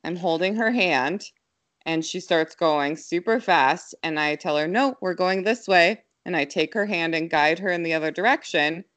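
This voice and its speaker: Young woman, slightly low voice, brisk animated storyteller, filler-heavy casual chat. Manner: quick, animated, lots of fillers.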